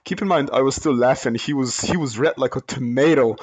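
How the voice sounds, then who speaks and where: A man's voice: mid-range voice, quick pace, few pauses, muffled recording. A young man, telling a story in a casual, rambling way with many fillers and restarts. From Slovenia. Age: late teens. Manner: rambling, lots of fillers and self-corrections, laughs while telling. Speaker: vlogger, storyteller.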